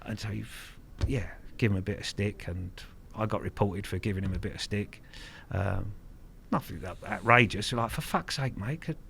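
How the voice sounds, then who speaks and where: A middle-aged man recounts stories in a casual interview. He is frank and earthy, swears without fuss, and often restarts his sentences. His voice sits slightly low. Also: fairly even intonation, moderate pace, vocal fry, hardly any pauses, fairly bright tone, a little hiss or hum. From Kent, England. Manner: frank, earthy, swears freely, repeats words. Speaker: guest angler.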